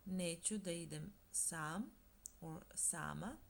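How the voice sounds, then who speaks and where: A woman with a Montenegrin accent gives a scripted language lesson, speaking slowly and deliberately and pausing between phrases. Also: fairly low pitch, creaky, slight background noise. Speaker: language teacher.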